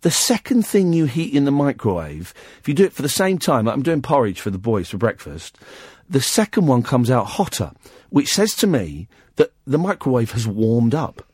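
A man's voice: medium pitch, normal speed, husky, dry recording, clean studio sound. A man hosting a late-night phone-in radio show, chatting casually and playfully teasing a caller. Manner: playful, teasing and animated, with frequent laughter. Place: radio studio. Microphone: close studio microphone.

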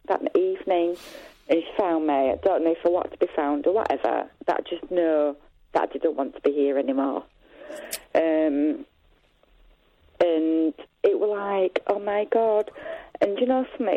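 A middle-aged woman calling a phone-in, talking hesitantly with many pauses, sounding distressed. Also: lowish voice, dry recording. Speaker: caller. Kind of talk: phone-in call. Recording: tinny phone line.

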